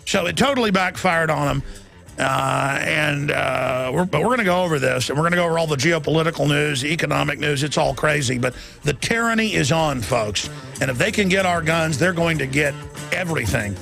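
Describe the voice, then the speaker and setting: Gravelly talk radio host. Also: male voice, on the high side, faint music behind. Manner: emphatic, fast, repeats words when excited. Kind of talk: rambling talk radio monologue; read-out advertisement.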